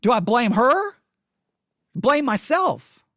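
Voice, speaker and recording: A man's voice: very high voice, sing-song, takes it slowly, pushed and bright, dry recording, clean studio sound. A man hosting a casual spoken commentary, emphatic, often restarting his words.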